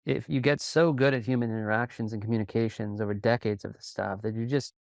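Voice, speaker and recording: Gravelly, calm-talking man in a podcast interview. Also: fairly low pitch, dry recording, studio quality. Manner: calm, even delivery with quick bursts of storytelling. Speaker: sales coach and podcast guest. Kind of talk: conversational interview.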